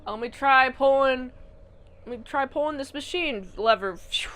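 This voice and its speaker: A woman voicing a greedy, brash male gangster who has died, talking loud and impatient. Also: high-pitched, normal speed. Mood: bored.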